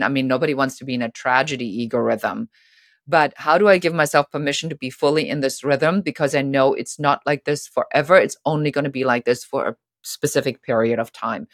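A middle-aged woman guest on a podcast, telling stories in a lively way and acting out the voices of people she quotes. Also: very deep voice, fairly quick, no room sound, studio quality. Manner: animated, acts out quoted voices. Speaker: guest author. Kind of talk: storytelling interview talk.

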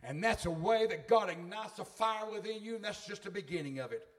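A man's voice: high voice, lively intonation, a little fast. A middle-aged man preaching a sermon in a fervent, folksy way.

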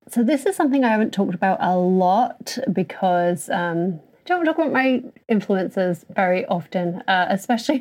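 Casting: woman author, mid pitch, rambling self-deprecating testimonial. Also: a little mellow. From Yorkshire, England. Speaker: guest author. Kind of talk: mock testimonial monologue.

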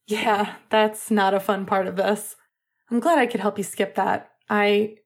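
A woman's voice: mid-range voice, fairly even intonation. A woman voicing a rambling young college jock. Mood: earnest. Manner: rambling, quick and a little flustered. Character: chatty, eager young male college athlete. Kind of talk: audiobook character voice.

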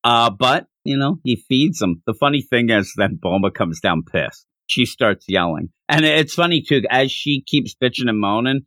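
A man's voice: medium pitch, normal speed, few pauses, no room sound. Man chatting in a dry, close sound. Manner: rambling, animated retelling with frequent restarts. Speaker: podcast host. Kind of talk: casual chat recapping a manga chapter.

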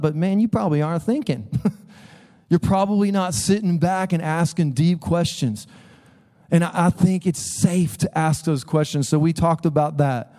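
Animated pastor with a mellow voice. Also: male voice, on the high side, normal speed. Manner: animated, conversational, acts out voices. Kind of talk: sermon. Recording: long hall reverb.

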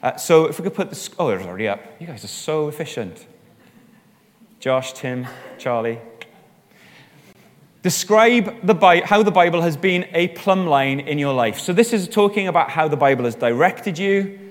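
A man leading a church group discussion, chatty and encouraging, with quick asides. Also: fairly high pitch, expressive. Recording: long reverb in a large hall.

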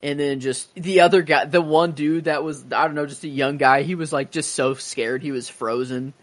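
A man co-hosting a podcast in casual chat, talking in halting bursts full of fillers that often trail off quietly. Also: fairly high pitch, steady tone, no room sound. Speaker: podcast co-host.

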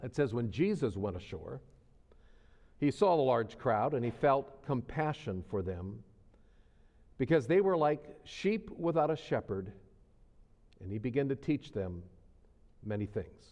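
Folksy pastor preaching in a reverberant hall. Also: male voice, mid-range voice, big pitch swings, a little slow, long pauses, darkish tone. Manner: folksy, conversational preaching with repetition for emphasis. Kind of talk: sermon. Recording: long reverb of a church hall.

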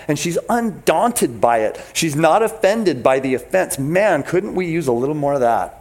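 A man preaching a sermon as pastor, animated and emphatic, talking straight to his congregation. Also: a little high, moderate pace, few pauses, slight background noise.

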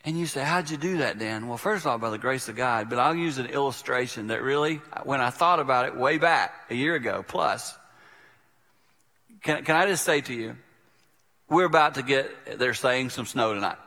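A man's voice: mid-range voice, expressive, moderate pace, sharp tone. Middle-aged guy preaching, storytelling style, long hall reverb. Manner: storytelling, acting out quotes, conversational. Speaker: pastor. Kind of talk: sermon.

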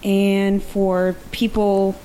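A woman introducing her tabletop character in a plain, unhurried way. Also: medium pitch, level tone, mellow, slight background noise, rough recording. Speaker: tabletop game player.

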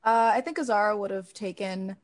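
A woman playing a tabletop game, talking through her character's actions in a hesitant, filler-heavy way. Her voice sits at a middling pitch. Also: brisk. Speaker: player.

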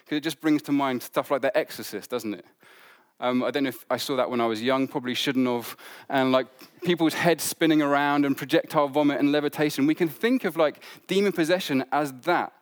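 A man preaching a sermon, retelling a gospel story in a conversational way with asides and fillers. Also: fairly high pitch.

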